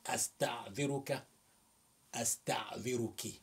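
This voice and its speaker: A man from Nigeria, teaching a vocabulary lesson. He is patient and repeats each phrase slowly, pausing between them. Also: medium pitch, sing-song, slightly rough. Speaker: language teacher.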